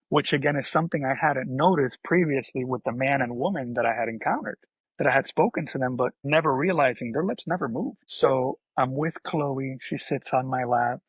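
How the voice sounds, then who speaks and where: A man, a podcast guest, telling an emotional personal story in a soft-spoken, halting way, often restarting his sentences. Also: mid-range voice, husky, no echo, dull audio.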